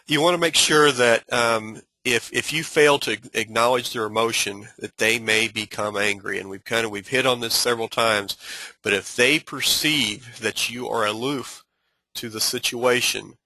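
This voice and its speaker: Instructor type, man, bright forceful tone, dry close sound, stop-start delivery. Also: mid-range voice, dry recording, low-quality recording. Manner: halting, many restarts and fillers; earnest, advising tone. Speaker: customer service trainer. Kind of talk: instructional talk.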